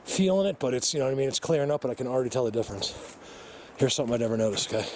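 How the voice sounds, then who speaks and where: An out-of-breath man walks through the woods with a handheld camera, talking to his viewers. He rambles with excitement, and a clear layer of outdoor noise runs under his mid-range voice. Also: mid-range voice, racing. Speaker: outdoor vlogger. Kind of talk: casual handheld walking vlog.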